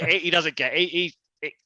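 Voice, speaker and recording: A man's voice: a little high, sharp tone, no room sound. A man, narrating a tabletop game as game master in a loose, rambling way with many fillers. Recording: dull, lo-fi sound.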